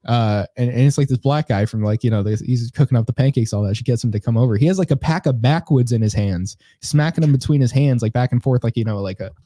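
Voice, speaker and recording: A man's voice: medium pitch, quick pace, hardly any pauses, warm tone, dry recording. Rambling young male podcast co-host. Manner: rambling, many fillers and restarts. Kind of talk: casual storytelling chat.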